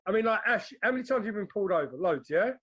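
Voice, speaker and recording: A man hosts a casual chat, firing quick, blunt questions at his friends. He swears freely. His voice sits high for a man. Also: animated, a bit bright, breathy edge. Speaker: podcast host.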